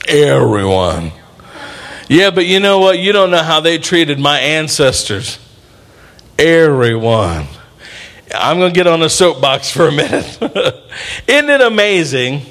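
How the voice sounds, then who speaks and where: An animated middle-aged man preaching a sermon, his voice sitting a little high. He keeps it lively with playful asides and jumps into acted-out voices now and then. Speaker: pastor.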